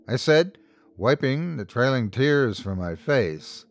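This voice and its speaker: A man hosting and narrating a scripted horror story in a measured, dramatic first-person telling. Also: mid-range voice, big pitch swings. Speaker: host and narrator.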